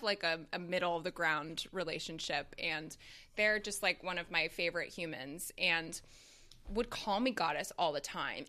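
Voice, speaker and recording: A woman speaks reflectively about personal things in expressive, quick bursts. Her voice sits a little low yet rings bright and forceful. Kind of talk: candid intimate conversation.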